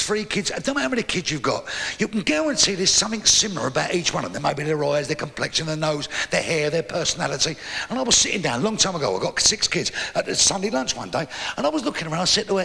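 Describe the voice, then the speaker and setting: An older man with a London accent doing a brash, swearing stand-up routine, telling jokes in an animated way. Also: high-pitched, fairly quick, vocal fry. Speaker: stand-up comedian. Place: live venue with audience. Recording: live hall recording with audience.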